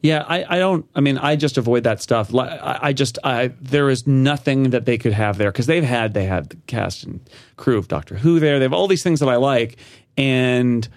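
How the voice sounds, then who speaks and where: A man talking as a guest on a casual podcast, animated, laughing easily and often restarting his sentences. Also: mid-range voice, normal speed, dry recording, clean studio sound.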